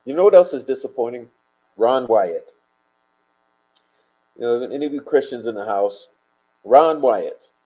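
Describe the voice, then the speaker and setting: A man's voice: medium pitch, animated, measured pace, long pauses, dark tone, muffled recording. A man hosting a casual livestream, rambling and swearing emphatically as he chats and answers viewer comments. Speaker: livestream host.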